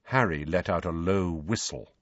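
Husky, lowish male audiobook narrator; lively inflection, dry studio recording. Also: no room sound, muffled recording. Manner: measured storytelling, lively inflection. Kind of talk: scripted narration.

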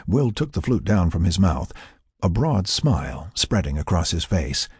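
A man reading a story aloud as narrator, in expressive scripted narration. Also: sits low, moderate pace, breathy edge, dry recording, clean studio sound. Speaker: audiobook narrator.

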